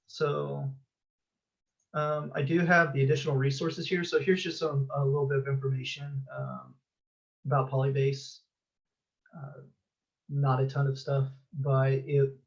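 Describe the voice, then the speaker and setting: A man presenting a technical talk at a user group meeting, talking in a halting way with many filler sounds. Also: mid-range voice, creaky, dull audio.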